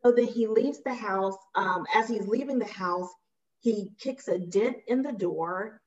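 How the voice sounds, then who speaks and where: A woman's voice: mid-range voice, unhurried, darkish tone. A woman guest telling a personal story in a casual, emphatic way, acting out the dialogue she recalls. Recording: slightly muffled audio.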